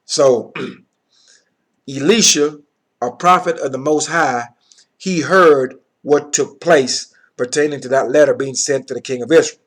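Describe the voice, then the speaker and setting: A man's voice: mid-range voice, unhurried. A man teaching from the Bible, reading verses aloud and then explaining them in plain words, often checking in with his listeners.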